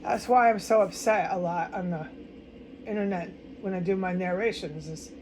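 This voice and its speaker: American woman, upset, halting speech, swears a lot, rambling monologue. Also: lowish voice, darkish tone, a little hiss or hum, rough recording. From United States. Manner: profane, halting, stumbles over words. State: upset and distraught. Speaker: vlogger.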